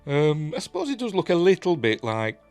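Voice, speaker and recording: A man's voice: a little high, big pitch swings, a little fast, darkish tone, faint music behind. A man with a Yorkshire accent reviewing a TV episode in a rambling, casual way, full of fillers.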